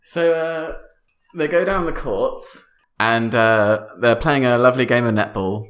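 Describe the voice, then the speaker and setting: A man's voice: mid-range voice, unhurried, a bit bright. A man co-hosting a comedy podcast, improvising a story, giggly and hesitant with many ums. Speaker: co-host.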